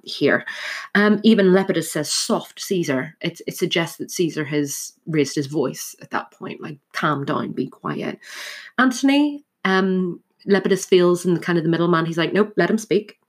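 A woman teaching literature, talking through a play scene line by line with frequent fillers and restarts. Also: low voice. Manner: thoughtful, many fillers and restarts.

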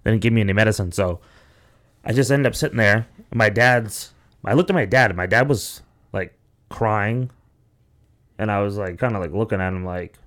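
This podcast host is a young man whose fairly low voice is a bit bright, at a normal speed. Rambling and profane, he tells a long story casually, filling it with "like" and acting out quoted voices.

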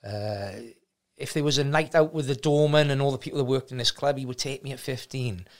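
A man's voice: mid-range voice, a little fast. A middle-aged man, a gym owner frankly telling his life story as a podcast guest, rambling with many restarts. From South Wales. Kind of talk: casual storytelling interview.

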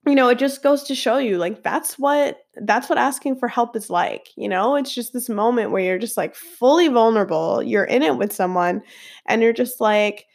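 A woman's voice: fairly high pitch, normal speed, gravelly. Earnest rambling woman in her thirties. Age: 30s. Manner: earnest, rambling with many "like" and "um" fillers. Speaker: podcast host. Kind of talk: personal storytelling monologue.

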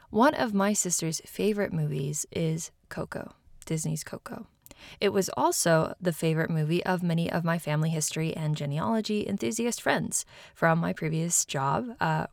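A woman's voice: on the low side, vocal fry, a little mellow, no echo, clean studio sound. A woman hosting a podcast, reading a scripted narration with friendly, self-deprecating asides. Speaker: podcast host.

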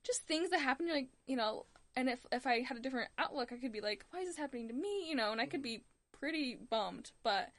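Young woman, high voice, bubbly, laughing often, casual podcast co-host. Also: fairly quick, few pauses, fairly bright tone. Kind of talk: casual chat.

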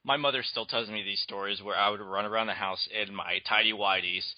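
Brief: male co-host, low calm voice, muffled dry mic. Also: brisk, no room sound. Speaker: podcast co-host. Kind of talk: casual chat.

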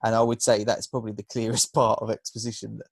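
A man hosting a podcast film review, talking in a measured, analytical way. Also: lowish voice, monotone, vocal fry, no echo. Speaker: podcast host. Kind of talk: casual film review chat.

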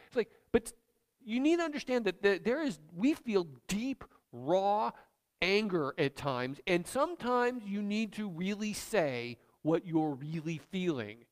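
A man's voice: sits high, sing-song, normal speed. A man preaching a sermon as pastor, speaking in an emphatic, conversational way.

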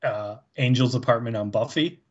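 A man's voice: mid-range voice, moderate pace, husky, lo-fi sound. A man co-hosting a podcast in casual chat, laid-back, swearing casually and laughing along. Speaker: podcast co-host.

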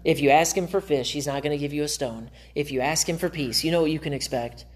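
A man's voice: on the high side, fast talker. A man preaching in a church in an earnest, conversational way. He speaks as a pastor, giving a sermon to his congregation. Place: church sanctuary.

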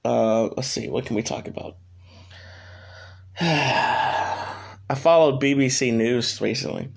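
A young man hosting his own podcast, talking off the cuff in a rambling and blunt way. He swears freely as he goes, and his voice sits at an ordinary mid pitch for a man. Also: takes it slowly, vocal fry. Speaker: podcast host. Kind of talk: casual solo podcast rant.

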